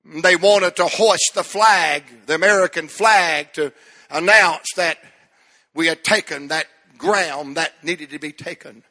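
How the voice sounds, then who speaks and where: High, bright-voiced preacher. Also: male voice, measured pace. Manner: fervent preaching, swinging from shouts to hushed lines. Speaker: pastor. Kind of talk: sermon.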